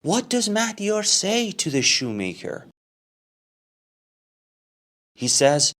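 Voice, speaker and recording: A man's voice: high voice, very animated, slow, long pauses, fairly bright tone. A man telling a simple story as an English lesson, asking questions about it and answering them himself. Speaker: English teacher.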